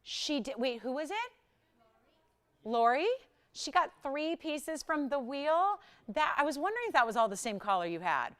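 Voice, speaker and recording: Animated woman hosting live jewelry sales. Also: high-pitched. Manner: animated, chatty, sells with rapid price talk. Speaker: shopping channel jewelry host. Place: television studio.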